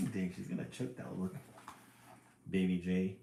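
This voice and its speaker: Amused man reading live, gravelly. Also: low voice, unhurried, warm tone. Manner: amused, laughs often. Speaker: livestream reader. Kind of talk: live picture book reading. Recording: roomy echo, faint noise.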